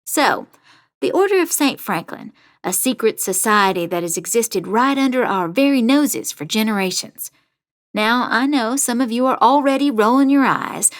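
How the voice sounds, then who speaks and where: An actress playing a determined young woman true-crime podcaster, narrating her story in the first person in a measured, confiding way. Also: on the high side, no room sound, studio quality.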